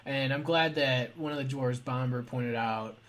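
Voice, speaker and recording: A man co-hosting a casual book discussion podcast, chatty and quick to laugh. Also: mid-range voice, a bit bright. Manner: chatty, laughs often, trails off. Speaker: podcast co-host.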